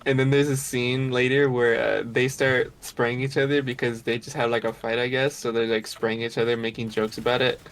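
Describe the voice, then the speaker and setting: A man's voice: medium pitch, little pitch movement, fairly quick, few pauses, fairly bright tone. A young man chatting casually while gaming, rambling through a story and laughing often. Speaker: gamer.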